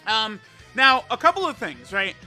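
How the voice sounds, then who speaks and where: A man with a high, bright voice talks through a mobile game in a loose, rambling way. He piles up fillers and restarts as he thinks aloud. Faint music plays under his close-miked voice. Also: animated, normal speed. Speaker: mobile game content creator. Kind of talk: casual gameplay commentary.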